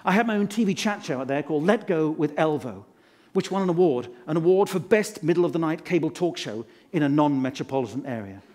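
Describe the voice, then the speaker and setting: A man's voice: fairly high pitch, animated, a little fast, a little mellow, lightly acted. A man playing a pompous, self-adoring management guru in a live stage comedy act, spouting rhymes and quizzing the audience from a conference stage. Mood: boastful. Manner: showy rhyming wordplay, quizzes the audience. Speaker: motivational speaker character.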